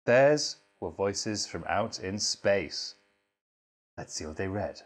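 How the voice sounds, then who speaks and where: Deadpan man reading with lively pitch. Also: takes it slowly. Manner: deadpan delivery broken by swearing asides. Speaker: host reading aloud. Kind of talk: mock children's reading and lecture.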